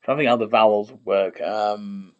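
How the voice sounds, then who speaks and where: A man with a lowish, steady voice talks at normal speed on a recording with the highs cut off. He's streaming at his desk, thinking aloud about the made-up language he's building, muttering, trailing off and correcting himself. Typing and keyboard clicks sound in the background.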